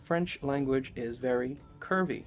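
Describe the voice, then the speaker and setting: A man's voice: medium pitch, a little slow, soft background music. A man giving a casual, rambling spoken lecture, talking loosely with lots of fillers. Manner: rambling, conversational, many fillers. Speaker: esoteric lecturer.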